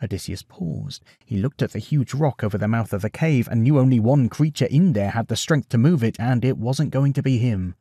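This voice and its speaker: A man narrating a bedtime story in an expressive, animated way. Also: medium pitch, a little fast, few pauses, husky, dry recording, studio quality.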